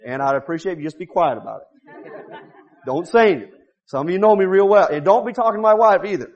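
High-voiced preacher man, shouting and muttering. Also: expressive, fast talker, a faint crowd. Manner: swings between loud shouting and low muttered asides; folksy storytelling with rhetorical questions. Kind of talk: revival sermon. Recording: dull lo-fi recording.

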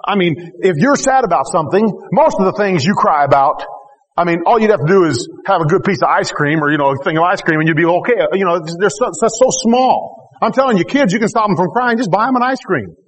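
A man's voice: sits high, fast, in a large hall. A man preaching a sermon, reading scripture aloud and then exhorting animatedly with emphatic rhetorical questions. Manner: animated, rising to emphatic exclamations.

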